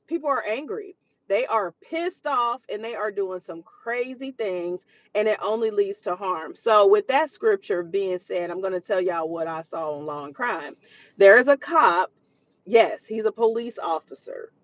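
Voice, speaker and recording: A woman's voice: mid-range voice, no room sound. A woman hosting a live parenting show, chatting to viewers, retelling a news story and quoting scripture. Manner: chatty, preachy, quotes scripture, greets viewers mid-story. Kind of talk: live-stream commentary. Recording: dull lo-fi stream audio.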